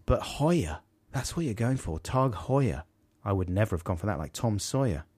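A man's voice: on the low side, very animated, brisk, a little mellow, breathy edge, dry recording. A man, co-hosting a radio show in playful, casual banter. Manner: playful, laughs easily. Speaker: radio host. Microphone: studio mic.

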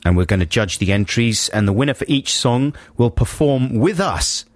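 A man's voice: mid-range voice, lively intonation, normal speed, dry recording. A man co-hosting a radio show, teasing and joking with his partner. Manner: teasing, mock-stern, silly. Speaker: radio co-host. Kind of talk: casual radio banter. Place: radio studio. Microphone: studio microphone.

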